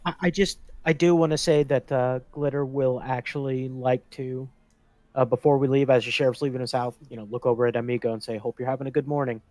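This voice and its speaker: A man's voice: medium pitch, steady tone, fairly quick, darkish tone. A man chatting as a tabletop player, easygoing with hesitant restarts. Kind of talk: casual chat.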